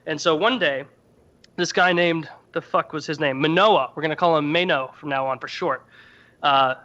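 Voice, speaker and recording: A man with a high, bright voice tells a story on a podcast as irreverent comedy. He jumps in and out of mocking character voices. The sound is dull and lo-fi. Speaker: podcast host.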